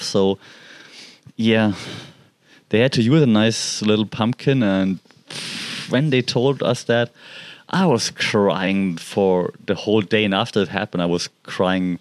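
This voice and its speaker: A man's voice: fairly low pitch, slow, no room sound. A man casually telling a personal story about his pet, rambling with lots of "like" and restarts. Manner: rambling, heavy use of "like" and restarts.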